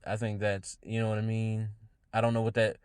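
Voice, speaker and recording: A man's voice: on the low side, completely flat delivery, darkish tone, smooth, no room sound. A podcast host, a man, giving his own views in casual solo talk, often restarting his phrases as he thinks them through. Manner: halting, restarts phrases often, musing aloud.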